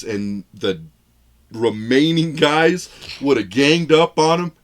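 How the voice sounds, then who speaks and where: This male film podcast co-host has a mid-range voice and talks a little slowly. Chatting casually, he wanders from point to point, performs the lines he recounts, and chuckles at his own humor.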